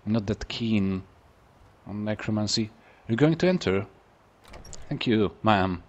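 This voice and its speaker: Husky, chatty man commenting on a game. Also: fairly low pitch, expressive, unhurried, muffled recording. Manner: chatty, joking and self-deprecating, talking back to game characters. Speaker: let's play host.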